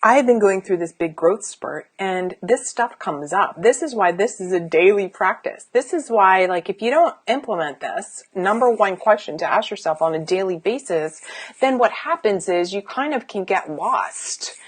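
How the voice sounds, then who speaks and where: A woman's voice: medium pitch, animated, normal speed, husky. A middle-aged woman, a life coach, sitting indoors and giving an emphatic, chatty live-streamed motivational talk with sighs and restarts.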